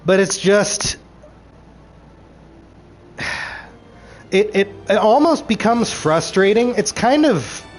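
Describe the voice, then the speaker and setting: A man ranting through a show recap, animated and frustrated, swearing freely and acting out characters' lines. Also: high voice, a little hiss or hum. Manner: acts out characters' lines in quick voices.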